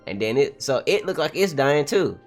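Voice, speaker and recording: An excitable man reads a comic aloud and reacts as he goes, switching between plain reading and loose slang commentary. His pitch swings widely as he gets worked up. A little music plays faintly behind him. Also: normal speed. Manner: slangy, excitable, laughs often. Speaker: manga reaction streamer. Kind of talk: casual read-along commentary.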